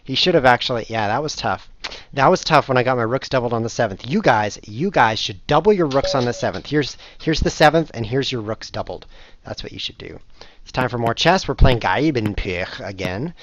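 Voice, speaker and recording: A man's voice: medium pitch, a little fast, dull audio, slight background noise. Playful man commentating his own chess games. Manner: playful, jokey, self-mocking, with sudden excited outbursts. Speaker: chess streamer and show host. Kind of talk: live commentary while playing online blitz chess.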